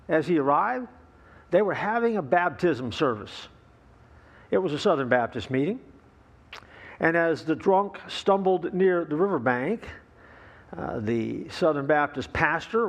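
A man's voice: on the high side, vocal fry. Folksy storytelling male pastor. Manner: folksy storyteller with relaxed fillers and asides to the congregation. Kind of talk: sermon.

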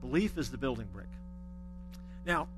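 A man's voice: medium pitch, lively intonation, normal speed, music in the background. A middle-aged man preaching a sermon, telling stories with folksy humor. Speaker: pastor.

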